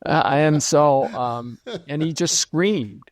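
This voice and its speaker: An older man, a lighting designer guest, telling stories in a relaxed interview with many fillers. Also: fairly high pitch, slow pace, crowd noise. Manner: reflective storytelling, many fillers. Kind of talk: casual interview conversation.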